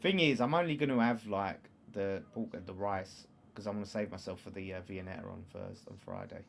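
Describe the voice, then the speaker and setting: A man's voice: low voice, sing-song, brisk, gravelly, a little hiss or hum. Chatty East London man hosting a watchalong. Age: 30s. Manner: chatty, reads out viewer comments, erupts into loud shouts at chances. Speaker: livestream host. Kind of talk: casual football watchalong chat.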